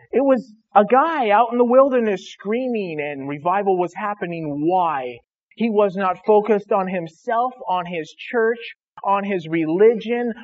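Guy preaching, kinda high voice, earnest and chatty with the congregation, dull lo-fi sound. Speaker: pastor. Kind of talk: sermon.

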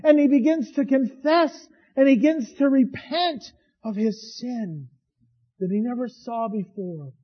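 Impassioned high-voiced male preacher. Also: measured pace, dull audio. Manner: impassioned preaching, swinging from hushed to loud. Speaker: pastor. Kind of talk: sermon.

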